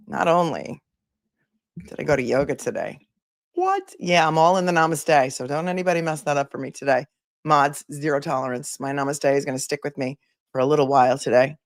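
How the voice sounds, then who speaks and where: Female attorney host, casual chat style, lower voice, close dry mic. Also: dry recording. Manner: chatty, joking, talks to the chat directly.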